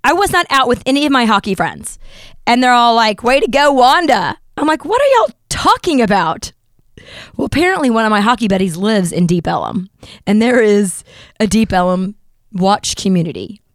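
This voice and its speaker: A woman's voice: medium pitch, animated, brisk, no room sound, studio quality. A woman, hosting a podcast and animatedly telling an anecdote, acting out the voices of the people in it. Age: 40s. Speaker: podcast host. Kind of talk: casual storytelling chat.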